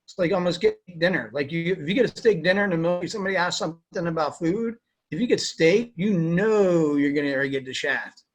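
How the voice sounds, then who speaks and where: A man's voice: on the high side, brisk. A young man, an army veteran, answering interview questions in a rambling, casual way with many fillers.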